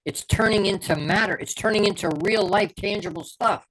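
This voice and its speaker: This middle-aged man, a performance coach hosting his own show, has a high, fairly bright voice and moves at a moderate pace through an unscripted pep talk. He drives his points home with fervor, repetition, and short punchy lines. The recording is rough, with a faint hiss under his voice.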